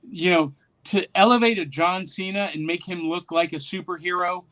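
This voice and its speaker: High-voiced excitable male podcast host. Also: normal speed, low-quality recording. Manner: enthusiastic, repeats words when excited. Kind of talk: casual chat.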